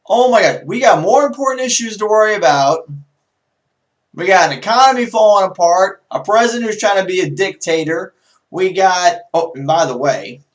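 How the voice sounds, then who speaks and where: A man hosting his own internet talk show, rambling through the news in a sarcastic, animated monologue. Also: high voice. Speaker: YouTube talk show host. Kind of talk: casual political commentary monologue.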